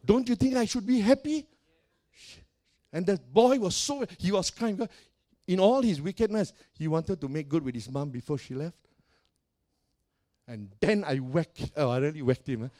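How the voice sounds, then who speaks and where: Animated high-voiced preacher. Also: male voice, normal speed. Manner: animated, laughing, swings between loud and soft. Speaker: pastor. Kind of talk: storytelling sermon.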